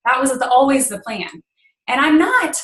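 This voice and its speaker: A woman's voice: high voice, sing-song, moderate pace, a bit bright, echoey room, poor audio. A woman in her thirties, a guest speaker on a team call, telling a personal story in an earnest way with many fillers. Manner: earnest, emotional at times, filler-heavy.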